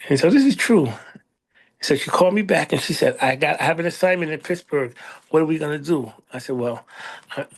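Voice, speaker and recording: A middle-aged American man telling a story in a casual interview, animated, acting out other people in a raised voice. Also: a little high, brisk, vocal fry. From United States. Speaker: librarian, interview guest.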